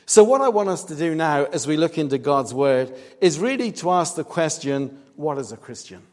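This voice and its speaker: A man delivers a sermon, earnest and emphatic. His voice sits a little high for a man. A long reverb from the church hall trails after each phrase. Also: sing-song, normal speed. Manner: earnest, emphatic, rising to loud stress on key points. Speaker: preacher.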